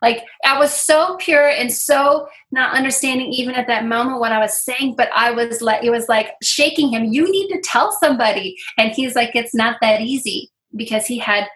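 A woman's voice: a little high, level tone, moderate pace, hardly any pauses, a bit bright. A middle-aged woman from Iowa, earnestly telling her faith story as an interview guest, with many fillers. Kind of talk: personal testimony.

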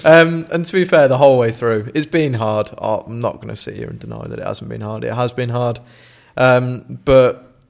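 A man's voice: medium pitch, normal speed, vocal fry, hardly any pauses. A young man in his twenties, a business owner speaking candidly in a studio interview with frequent ums. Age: 20s.

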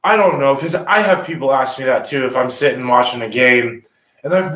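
A man and former rugby captain, breaking down rugby play in casual podcast talk and acting out players' voices with energy. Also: medium pitch. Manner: animated, acts out players' talk in quick voices. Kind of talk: casual sports podcast analysis. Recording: roomy echo.

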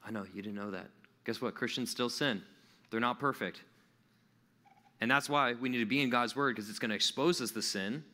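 Male preacher, casual and interactive, bright voice, recorded with hall echo. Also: mid-range voice, fairly quick. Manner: conversational, asks the listeners questions. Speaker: pastor. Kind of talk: sermon.

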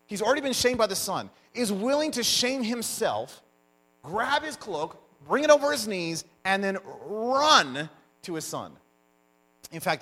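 Man, pastor's sermon, animated storytelling, bright ringing voice. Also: high-pitched. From United States. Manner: animated storyteller, lively emphasis.

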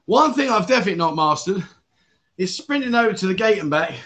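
A man's voice: sits high, animated, quick pace, fairly bright tone. A British man hosting a casual livestream, out of breath, chatty and jokey, rambling with self-corrections. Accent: British English. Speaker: livestream host.

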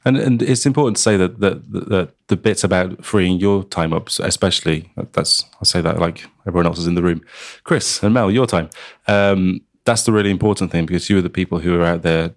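A man hosting a podcast, relaxed with stumbling restarts. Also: deep voice, brisk, few pauses, no echo, clean studio sound. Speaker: podcast host, content manager.

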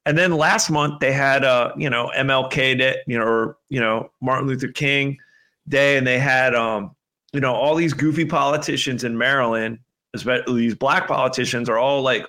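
A man's voice: mid-range voice, fairly even intonation, moderate pace, pushed and bright. A man hosting a podcast, rambling and exasperated in casual chat. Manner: rambling, exasperated, full of fillers. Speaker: podcast host.

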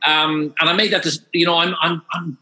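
Telling his story as an interview guest, an Irish man in his sixties with an Irish accent becomes animated and repeats words as he builds momentum. He speaks at a normal speed in a fairly high voice, and the audio is poor.

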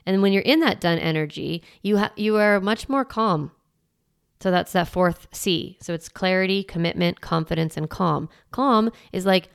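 A woman's voice: lowish voice, normal speed, gravelly, clear, resonant tone. A woman in her forties hosting a solo parenting podcast, coaching and encouraging in a casual, chatty way with lots of fillers. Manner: casual and chatty, filler-heavy, laughs easily.

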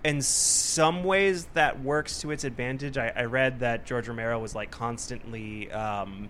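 A man co-hosting a casual movie review podcast, thoughtful and measured, laughing often. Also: medium pitch, fairly bright tone, slight background noise. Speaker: podcast co-host.

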